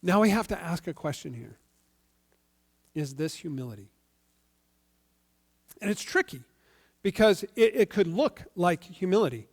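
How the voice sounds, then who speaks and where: A male pastor giving a sermon in a conversational, animated storytelling way. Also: sits high, measured pace, pauses often.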